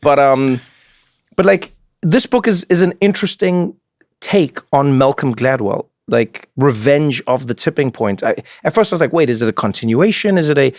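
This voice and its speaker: A man hosting a podcast who talks with his guest in a relaxed, chatty way and thinks aloud as he goes. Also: medium pitch, moderate pace, dry recording, clean studio sound. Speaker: podcast host. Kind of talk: casual interview chat.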